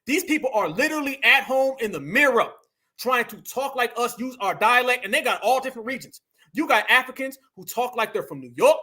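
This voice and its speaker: A man's voice: very high voice, bright, forceful tone. A man hosting a heated commentary monologue, emphatic and repetitive, calling his audience family. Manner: emphatic, repeats lines, calls the audience family. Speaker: commentary host.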